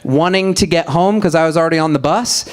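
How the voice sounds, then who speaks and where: A man's voice: a little high, brisk. A man co-hosting a live comedy podcast, telling an anecdote in a chatty manner with wry asides. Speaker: podcast co-host. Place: live show at a music venue.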